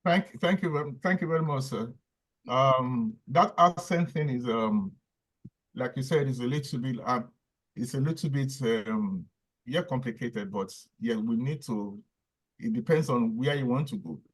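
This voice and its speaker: A man's voice: medium pitch, normal speed, rough recording. A man moderating a panel discussion, hesitant with many ums as he thanks speakers and reads out audience questions.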